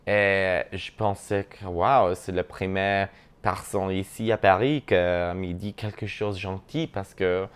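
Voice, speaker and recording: A man chatting casually as he reacts to a video, playful and quick to swear. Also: sits low, steady tone, clear, resonant tone. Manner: switches languages mid-thought.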